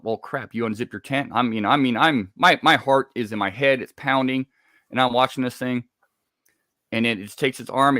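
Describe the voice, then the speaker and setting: A man's voice: medium pitch, sharp tone, no echo, clean studio sound. Man telling a tense campfire story. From Scotland. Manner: halting, repeats words, builds tension. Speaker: guest telling an encounter story. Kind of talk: casual storytelling.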